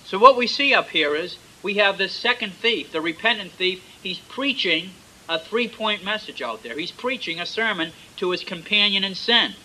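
A man preaching a sermon, retelling scripture emphatically and swinging between loud and soft. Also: high voice, animated, moderate pace, a little hiss or hum, low-quality recording.

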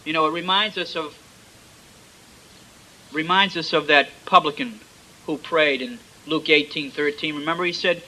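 A man preaching a sermon, retelling scripture emphatically and swinging between loud and soft. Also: fairly high pitch, moderate pace, long pauses, low-quality recording.

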